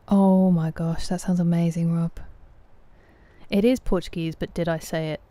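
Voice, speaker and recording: A woman's voice: on the low side, fairly even intonation, a little slow, warm tone, no room sound. A woman with a British accent chatting casually with viewers during a live game stream, answering them by name.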